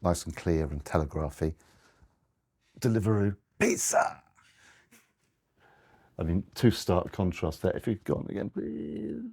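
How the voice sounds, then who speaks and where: A man's voice: deep voice, lively intonation, moderate pace, vocal fry, mellow, husky. A man giving a conversational slide talk to an audience, often restarting and correcting himself. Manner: rambling, restarts, self-corrections.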